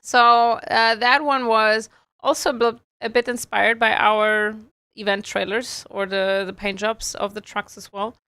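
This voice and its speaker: Slow-talking bright-voiced woman host. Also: medium pitch, smooth, dry recording. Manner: chatty, giggly, explains slowly. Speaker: community host. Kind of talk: casual live stream chat.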